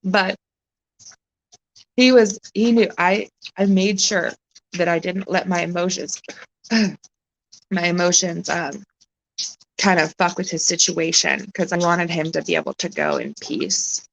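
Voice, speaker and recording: A woman chatting on a live stream, close to tears, halting and emotional, swearing often as she talks. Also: fairly low pitch, vocal fry, a little hiss or hum, poor audio. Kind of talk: casual live-stream chat.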